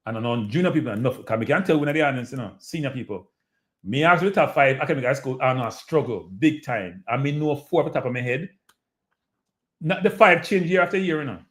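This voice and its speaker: A man's voice: medium pitch, brisk. A man with a Jamaican accent hosting a live show, talking casually and animatedly to his audience and often repeating himself. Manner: animated, repetitive, addresses audience as people. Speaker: show host. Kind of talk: casual live-stream commentary.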